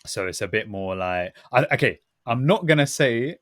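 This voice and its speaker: A man from the UK with a London accent, co-hosting a casual podcast in a relaxed, slangy way. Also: mid-range voice, normal speed, no room sound, clean studio sound. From United Kingdom. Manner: relaxed, slangy, drops "innit" and "bruv". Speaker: podcast co-host.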